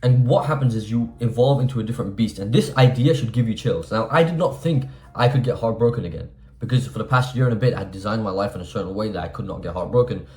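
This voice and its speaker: A man's voice: fairly low pitch, quick pace, few pauses, darkish tone, echoey room. A man of twenty giving blunt, profane, emphatic self-improvement advice in a casual monologue. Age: 20s.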